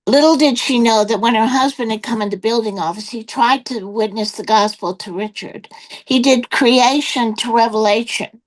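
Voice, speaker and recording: A woman's voice: fairly high pitch, normal speed, poor audio. An older woman sits as an interview guest and tells her personal testimony. She rambles through the story with fillers and restarts, acting out the back-and-forth of old conversations as she goes. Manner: rambling storytelling with many quoted exchanges and fillers.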